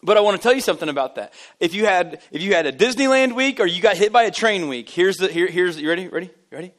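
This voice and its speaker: A man's voice: sits high, quick pace. A man, the lead pastor, giving a casual, joking sermon to his congregation, telling stories and poking fun at himself. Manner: animated, joking, self-deprecating storyteller. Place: church service.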